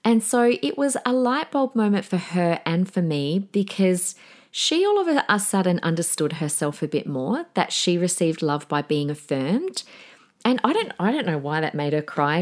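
A middle-aged woman hosting a podcast, talking casually and candidly with fillers and small laughs, acting out her own past thoughts in quoted asides. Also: on the low side. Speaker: podcast host. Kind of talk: casual solo podcast talk.

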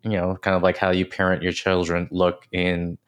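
Deep, flat-voiced man host. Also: normal speed, smooth. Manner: hesitant questions full of fillers. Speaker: podcast host. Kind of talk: podcast conversation.

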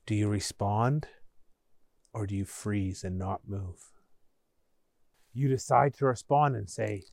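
A man's voice: fairly low pitch, fairly even intonation, a little slow, gravelly, darkish tone, slightly rough, no echo. Dry-voiced man narrating a story. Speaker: podcast host and storyteller.

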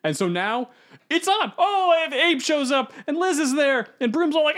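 A man's voice: very high voice, big pitch swings, brisk, fairly bright tone. A man co-hosting a casual podcast, rambling through a film's plot and acting out the characters. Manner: rambling storyteller who acts out characters. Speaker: podcast co-host.

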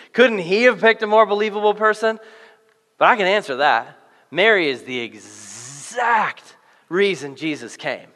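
Male pastor, playful and animated, bright forceful tone, long hall reverb. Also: fairly high pitch. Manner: animated, playful, acts out quick voices for biblical characters. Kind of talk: sermon.

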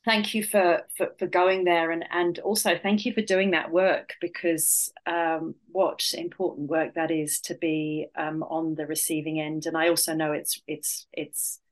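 A woman's voice: sits low, level tone, unhurried, hardly any pauses. A woman hosting an interview, reflecting back what she heard in a thoughtful, word-searching way. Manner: thoughtful, searching for words, affirming. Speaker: host.

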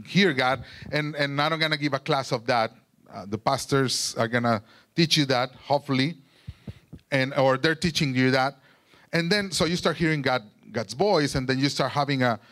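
Slow-talking preacher. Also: male voice, a little high, a bit bright. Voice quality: halting, restarts phrases, searches for English words. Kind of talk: sermon.

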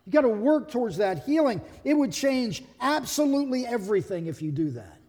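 A man's voice: extremely high pitch, very animated, fairly quick, warm tone, long reverb tail. A man who is a pastor, delivering a sermon in a conversational, humorous way and acting out quotes.

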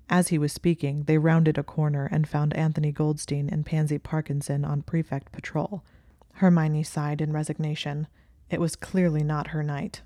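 A woman narrating fan fiction in a calm, even storytelling voice. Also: low-pitched, normal speed, no room sound, studio quality.

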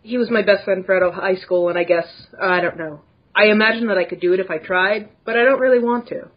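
A woman's voice: mid-range voice, fast talker, lo-fi sound. A woman from the United States, joking wryly on a casual gaming podcast over an online call. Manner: playful, wry.

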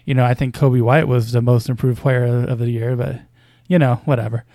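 A man's voice: medium pitch, steady tone, a little fast, warm tone, dry recording. A man casually commenting on basketball news as a podcast host, with a hesitant, wry delivery full of fillers and small chuckles.

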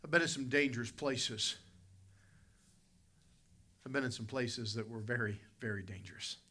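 Male pastor preaching in church, very forceful bright tone, emphatic, big swings from loud peaks to low asides. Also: moderate pace. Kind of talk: preaching a sermon. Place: church service with congregation responding.

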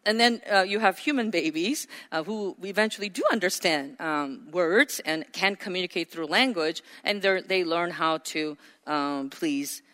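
A woman delivers a sermon with a bright, clear voice, chatting with plenty of ums and uhs. She slips into playful voices for quoted people. Her voice rings with long reverb in a large hall. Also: on the low side, normal speed, few pauses. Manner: conversational, many fillers, playful voices for quoted people and pets. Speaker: preacher.

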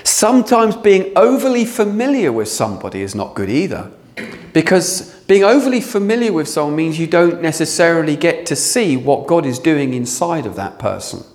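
A man's voice: on the high side, very animated, moderate pace, darkish tone. A man preaching a sermon to a congregation in a conversational way, joking and asking the room questions.

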